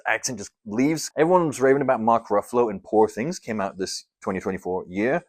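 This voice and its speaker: A man's voice: fairly low pitch, animated, fairly quick. Chatty man ranking movies. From Scotland. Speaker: film reviewer. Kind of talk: casual movie-ranking vlog.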